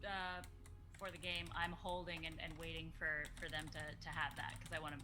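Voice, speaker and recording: A woman playing a tabletop game, speaking softly, as if in an aside. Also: low-pitched, level tone, moderate pace. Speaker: player. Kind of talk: tabletop role-play.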